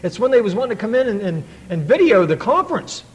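A man's voice: high-pitched, sing-song, fast, a little mellow, poor audio. A middle-aged man telling his own story to a recovery meeting, in an earnest, folksy way with many restarts. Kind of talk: personal testimony to an audience.

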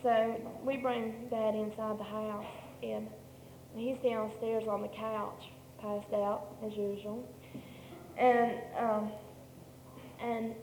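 A woman tells her own story to a meeting, voice pitched a little high. She rambles and restarts often. The sound carries through a large hall with a long echo and a faint hum of noise. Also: dark tone. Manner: rambling storytelling, many restarts and self-corrections. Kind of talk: personal testimony.

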